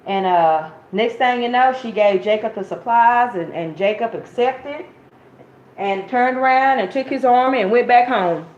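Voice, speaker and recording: A woman's voice: on the high side, normal speed, a little mellow. A woman preaching an informal sermon, telling a Bible story in a chatty, conversational way and calling her listeners y'all. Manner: conversational, addresses listeners as y'all, acts out quotes. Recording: muffled, roomy, faint hiss.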